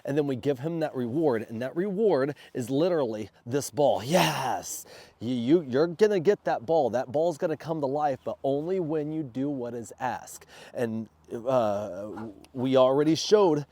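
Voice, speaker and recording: A man who is sick and under the weather, explaining dog training in a casual vlog and snapping out loud commands to his dog. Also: mid-range voice, measured pace, no room sound. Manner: loud sharp commands between relaxed explanations. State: sick, congested. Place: outdoors in a backyard.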